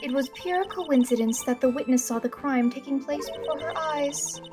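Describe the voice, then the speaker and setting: A woman's voice: high voice, normal speed, darkish tone, faint music behind, natural voice. A woman reading a haughty young female prosecutor in a game, with a cutting, scornful delivery.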